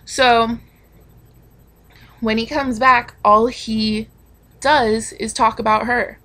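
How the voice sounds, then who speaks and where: A woman's voice: on the high side, fairly even intonation, slow pace, sharp tone. A young woman telling a personal story in a candid vlog, frank and confessional, with lots of swearing and filler words. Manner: frank and confessional, swears freely, many ums and likes. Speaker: vlogger.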